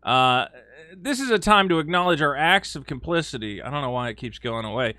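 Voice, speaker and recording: A man with a fairly high voice talks a little fast as a video host offering casual opinion commentary. He is animated and sarcastic, dropping into mocking quoted voices and using lots of fillers, in a dry recording.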